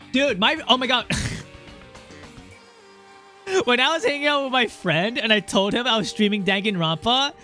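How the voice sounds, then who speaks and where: A man's voice: sits high, sharp tone. A young man streaming a game in casual chat, rambling, swearing and reading game lines aloud.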